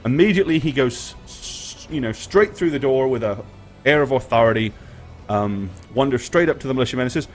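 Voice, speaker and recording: A man acting as game master, narrating a tabletop game in a relaxed way with many fillers. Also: mid-range voice, brisk, faint music behind.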